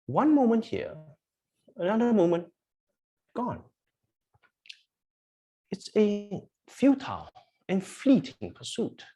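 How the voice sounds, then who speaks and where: A preacher delivering a sermon in a slightly husky voice. The pitch swings widely as points are stressed and repeated, and rhetorical questions are put to the congregation. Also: wildly swooping pitch, slow, long pauses, mellow. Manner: emphatic, repetitive, asks the congregation questions. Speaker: pastor. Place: church.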